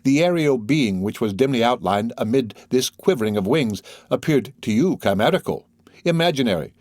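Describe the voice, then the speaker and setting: A man narrating a classic novel as an audiobook reader, with a measured, expressive reading. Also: medium pitch, no echo, clean studio sound.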